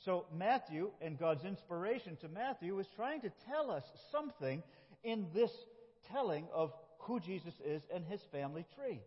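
A man's voice: high-pitched, animated, moderate pace, husky. A middle-aged man from upstate New York, a pastor preaching a folksy, self-deprecating sermon with frequent laughs in a church. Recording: dull lo-fi sound with long hall reverb.

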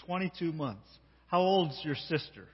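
A man preaching as pastor, telling a story and talking directly to a child and the congregation with animated delivery. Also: fairly high pitch, moderate pace, breathy edge. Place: church sanctuary. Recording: dull sound with long hall reverb.

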